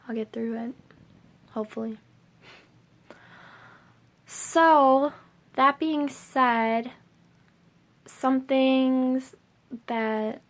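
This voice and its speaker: A woman's voice: fairly high pitch, vocal fry. A young woman vlogging to camera, rambling casually with lots of filler words.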